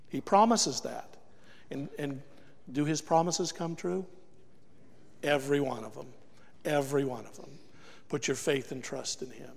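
Gravelly preacher in a reverberant hall. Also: male voice, fairly high pitch. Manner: emphatic, rhetorical questions to the congregation. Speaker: guest preacher. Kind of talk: sermon with altar call. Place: church.

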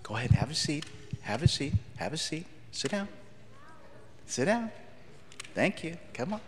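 A man gives a children's sermon, telling a story from his school days and quizzing the kids as he goes. His pitch swings widely as he talks, and his voice rings through a large, echoey church hall. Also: normal speed, a little hiss or hum. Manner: animated, asks the children questions. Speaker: pastor giving a children's message.

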